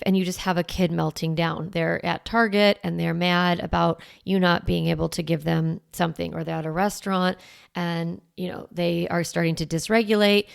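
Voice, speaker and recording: A woman's voice: lowish voice, creaky, smooth, dry recording, studio quality. A woman podcast host coaching parents in a direct, practical way, sometimes acting out the firm lines a parent might say. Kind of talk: podcast advice talk.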